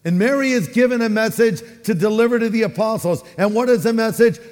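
A pastor with a Californian accent delivers a sermon in a high-pitched voice, animated and full of acted-out quotes. His words ring through a large hall with a long reverb. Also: fairly quick, few pauses.

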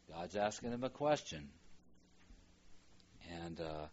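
A man teaching a Bible language lesson, slowly sounding out and repeating words for students to follow. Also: deep voice, expressive, a little mellow, dull audio. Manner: slow, repeats words aloud for practice. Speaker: Hebrew teacher.

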